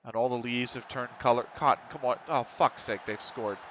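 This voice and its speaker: An American man on the verge of middle age streams a football management game, speaking in a mid-range voice that is fairly quick and fairly bright. He chats casually with viewers, reads their messages, and swears often out of frustration with the match. The recording is muffled, with a little hiss or hum.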